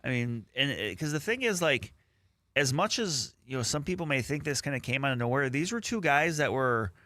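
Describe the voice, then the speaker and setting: A man co-hosting sports radio in a bright, forceful voice at a middle pitch. He gives measured, analytical takes, padded with "like" and "you know". The studio sound is close and dry. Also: expressive, dry recording. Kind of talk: casual sports talk.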